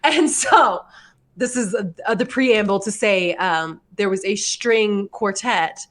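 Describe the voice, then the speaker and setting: A woman's voice: medium pitch, unhurried. A young adult woman hosting a podcast, telling a story in casual chat, full of likes and laughs. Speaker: podcast host.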